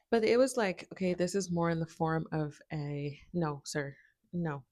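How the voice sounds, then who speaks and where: Chatty low-voiced woman vlogging at home. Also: unhurried, a little mellow, no echo, clean studio sound. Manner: chatty and rambling, laughs often, talks to her dogs. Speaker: spiritual video creator. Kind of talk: casual chat to camera. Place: home, by a window. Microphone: propped-up camera.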